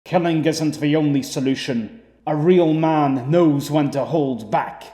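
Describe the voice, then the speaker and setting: A man's voice: on the high side, a little slow, dark tone, echoey room, big-room sound, natural voice. A man playing a determined young hero who speaks firmly and steadily. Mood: resolute.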